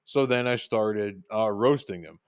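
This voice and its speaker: A man's voice: fairly low pitch, measured pace, smooth, no room sound, clean studio sound. A man telling personal stories in a casual, rambling monologue, with lots of fillers and restarts, acting out what he said back then. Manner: rambling, filler-heavy, reenacts his own lines. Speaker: podcast host telling stories.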